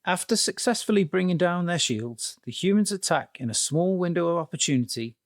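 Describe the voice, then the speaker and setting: A man's voice: high-pitched, animated, a little fast, no room sound, studio quality. A man hosting a comedy podcast, introducing segments with wry chat. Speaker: podcast host.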